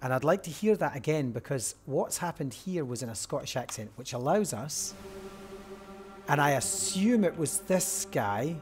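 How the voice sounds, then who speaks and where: A man's voice: a little high, lively intonation, moderate pace. Man musing through a game, music behind. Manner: thinking aloud, musing over clues. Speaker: let's-play host. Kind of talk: casual game commentary.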